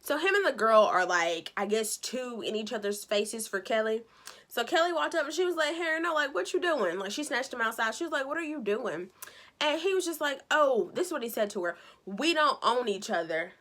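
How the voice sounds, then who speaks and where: A woman's voice: fairly high pitch, normal speed. A woman giving a casual, chatty recap of a TV episode, telling it with sass and acting out the characters' lines. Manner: animated, sassy storytelling with acted-out quotes. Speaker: show recap vlogger.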